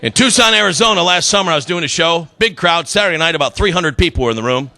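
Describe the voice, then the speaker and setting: Bright-voiced stand-up comic on stage. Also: male voice, a little high, expressive, fast, no echo. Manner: storytelling, punchy delivery with acted-out quotes. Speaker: stand-up comedian. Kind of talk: stand-up comedy routine.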